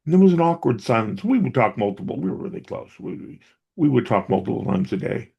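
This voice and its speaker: Gravelly, husky middle-aged man reflecting. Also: mid-range voice, very animated, fast talker, mellow, lo-fi sound. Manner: earnest and reflective, recounting family memories. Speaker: interview guest, helps dementia caregivers. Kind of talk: conversational personal storytelling.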